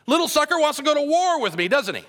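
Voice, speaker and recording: High sputtering freaked-out king a preacher doing the voice, ranting all over the place. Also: very animated, quick pace, a bit bright, exaggerated voice. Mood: panicked. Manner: sputtering, exasperated rant. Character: panicked ancient king, male, adult, frantic and indignant.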